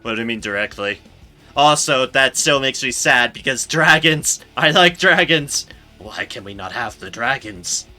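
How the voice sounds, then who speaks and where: A man giving excitable, gushing let's-play commentary on a video game, swearing now and then. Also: mid-range voice, measured pace, soft background music. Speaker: streamer.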